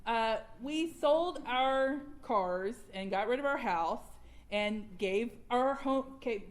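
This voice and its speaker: Candid woman, slightly high voice. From Georgia, US. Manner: candid, conversational, laughs at herself. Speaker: workshop speaker sharing her story. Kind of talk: personal recovery share.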